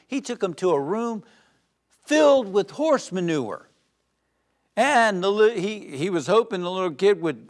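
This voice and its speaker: Man, high voice, spiritual teacher, uplifting sermon, animated delivery, swings from loud to hushed. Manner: animated, swings between loud emphasis and soft calm; tells jokes with acted voices.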